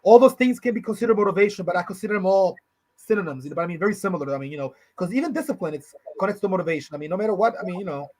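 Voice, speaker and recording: A man's voice: high-pitched, lively intonation, very fast, darkish tone. A man in his thirties co-hosting a podcast in casual, rambling chat, full of slang and "you know". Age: 30s. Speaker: podcast co-host.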